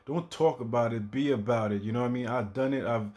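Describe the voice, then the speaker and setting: A man giving casual reaction commentary in a slow, laid-back way, repeating himself. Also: mid-range voice, a little mellow. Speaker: reaction video host.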